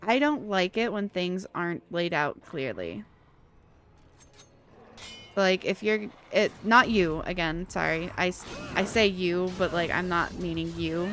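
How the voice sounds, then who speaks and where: Creaky-voiced woman streaming a game. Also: fairly low pitch, moderate pace, fairly bright tone, soft background music. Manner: frustrated, rambling, reading chat aloud. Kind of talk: casual game-stream chat.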